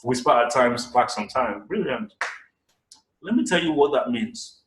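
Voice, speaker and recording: A man giving a lively public speaking lesson in a webinar, swinging between loud bursts and whispers. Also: medium pitch, measured pace. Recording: echoey room, somewhat distant mic.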